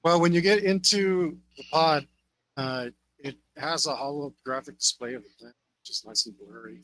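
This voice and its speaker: Bright-voiced man narrating as game master. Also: a little high, poor audio. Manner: descriptive, unhurried, many fillers.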